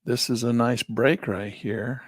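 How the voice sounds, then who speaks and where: A man's voice: medium pitch, steady tone, measured pace, dry recording, studio quality. A man on a headset mic teaching a live trading lesson, chatting and thinking aloud as he works through charts. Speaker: trading instructor. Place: small office near a parking lot.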